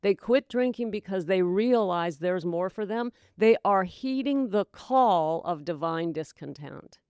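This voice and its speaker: A middle-aged woman hosting a sobriety podcast, giving an emphatic motivational talk that calls listeners "gals" and "my dear" and slips into hushed whispers. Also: on the low side, expressive, a little slow, clean tone, dry recording, studio quality. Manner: dramatic voices and hushed whispers for effect. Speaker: podcast host, sobriety coach. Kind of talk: motivational monologue.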